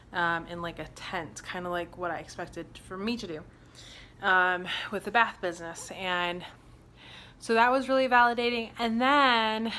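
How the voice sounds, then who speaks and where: A young woman speaks in a bright, clear-edged voice that sits a little low in pitch. She tells a personal story candidly and casually, pausing often with fillers and starting sentences over. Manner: candid, halting, many fillers and restarts. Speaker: vlogger.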